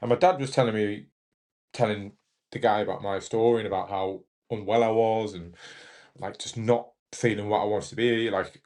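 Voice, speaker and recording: A young man, telling his story as a podcast guest, halting and emotional with many restarts. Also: fairly low pitch, fairly even intonation, darkish tone. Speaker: podcast guest, Paralympic judo athlete. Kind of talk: candid storytelling in an interview.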